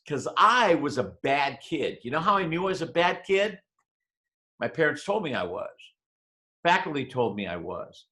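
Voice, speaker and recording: A man giving a motivational webinar talk, telling a personal story with dramatic swings between loud and hushed delivery. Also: mid-range voice. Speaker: motivational speaker. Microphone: webinar microphone.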